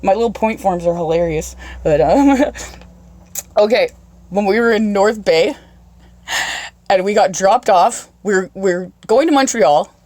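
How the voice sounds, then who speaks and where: A woman's voice: mid-range voice, darkish tone, dry recording. A woman hosting a podcast, swearing constantly and laughing her way through rambling road-trip stories. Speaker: podcast host. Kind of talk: casual storytelling chat.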